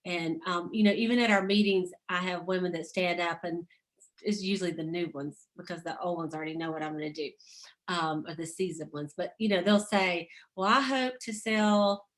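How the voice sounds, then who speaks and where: A woman's voice: lowish voice, fairly even intonation, fairly quick. A middle-aged woman leading a motivational sales team call, chatty, laughing often and reading inspirational quotes aloud.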